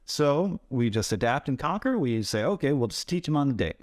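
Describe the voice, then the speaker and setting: Animated storytelling man, dry sound. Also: mid-range voice, brisk, dry recording. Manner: animated anecdotes, acts out quoted voices. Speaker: stuntman guest. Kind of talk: casual storytelling interview.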